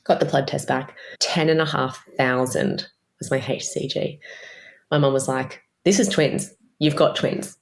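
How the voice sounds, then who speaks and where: A woman's voice: very deep voice, measured pace, vocal fry. An Australian woman in her thirties, hosting a podcast, candidly tells a personal story in a casual way, swearing freely and acting out what people said. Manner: candid, expressive, swears casually, acts out quoted voices. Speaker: podcast host.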